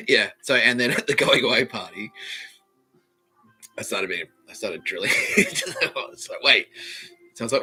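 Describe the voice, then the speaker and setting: A man's voice: medium pitch, fairly quick, pauses often, pushed and bright, faint music behind, poor audio. A man, hosting a podcast and telling a rambling, sweary comedic story while laughing at his own jokes. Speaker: podcast host.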